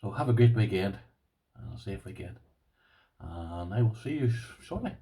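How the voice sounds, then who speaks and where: A middle-aged Irish man chatting casually to camera about his lock collection, self-deprecating and quick to laugh. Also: fairly low pitch, animated, mellow, distant mic, low-quality recording. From Ireland. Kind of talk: casual vlog chat.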